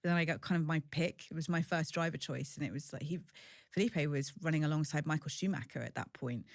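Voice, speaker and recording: A woman's voice: low-pitched, fast talker, gravelly, dry recording, studio quality. A woman in her forties speaking as an interview guest, frank, chatty and self-deprecating. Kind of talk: candid conversational storytelling.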